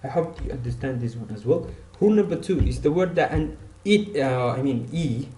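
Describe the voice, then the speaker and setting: A man's voice: mid-range voice, expressive, moderate pace, warm tone, reverberant. A man teaching an online English grammar lesson, repeating example words and saying "okay" often.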